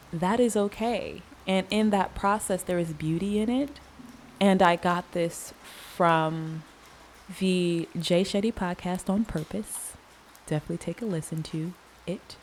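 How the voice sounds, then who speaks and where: A woman hosting a solo podcast, talking in an earnest, conversational way with long pauses and casual slang. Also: lowish voice, darkish tone, slight background noise. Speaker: podcast host. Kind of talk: reflective solo podcast monologue.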